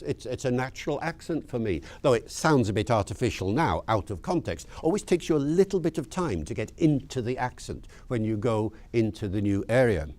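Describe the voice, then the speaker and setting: Older man, posh British accent, lively pitch, explaining like a lecturer. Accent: posh British English. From Wales. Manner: lively lecturing, shifts into other accents to demonstrate. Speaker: linguist being interviewed. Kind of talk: explanatory interview talk.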